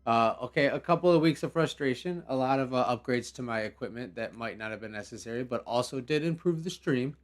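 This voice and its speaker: Talking fairly quickly with hardly any pauses, a young man with a medium-pitched voice hosts a game live stream. He rambles casually in slang, laughing at what happens, while faint background music plays.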